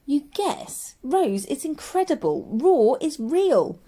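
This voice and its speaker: A woman's voice: high voice, very animated, slow pace, dark tone, pitched above the performer's own voice, exaggerated voice. Woman reading as an earnest, urgent young boy. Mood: eager. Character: earnest determined young boy, the narrator-hero.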